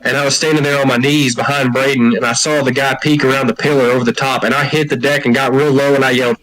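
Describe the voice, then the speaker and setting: A man hosting a casual group chat, recounting game moments in an animated storytelling way. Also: medium pitch, fast, rough recording.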